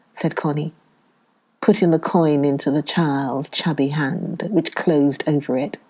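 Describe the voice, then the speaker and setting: A woman from the United Kingdom reading a novel aloud as an audiobook narrator, in a slow, measured way, voicing the dialogue. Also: low-pitched, fairly even intonation, warm tone, husky. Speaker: audiobook reader. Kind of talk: scripted narration.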